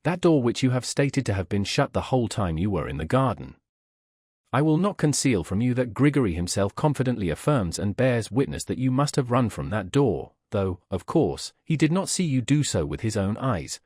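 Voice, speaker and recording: A man reading the part of a prosecutor who sets out evidence in a measured, frigid, formal way. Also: medium pitch, very animated, a little mellow, slightly rough, no echo, studio quality. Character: cold, composed male prosecutor, middle-aged official.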